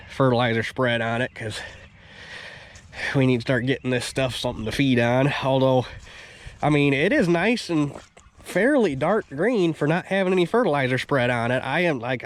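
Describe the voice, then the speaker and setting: A man with a stuffy, nasal voice, rambling in an upbeat way as he talks through a farm vlog outdoors by a field. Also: medium pitch. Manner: rambling, upbeat, restarts often. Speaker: farm vlogger. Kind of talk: casual vlog commentary.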